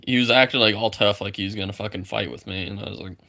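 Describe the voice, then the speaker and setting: Young man, lowish voice, rambling storytime rant full of swearing and fillers. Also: fairly even intonation, fast talker, creaky, bright, forceful tone.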